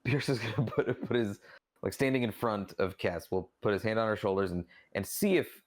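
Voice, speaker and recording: A man's voice: on the low side, normal speed. A man casually playing a tabletop game, hesitant and chuckling as he describes his character. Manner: hesitant, chuckling, lots of fillers. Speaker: player.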